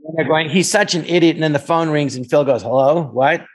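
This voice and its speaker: An older man recounts an old sketch in a casual chat, slipping into the characters' lines as he tells it. His voice sits a little high for a man. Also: fast. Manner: animated storyteller acting out voices. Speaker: guest.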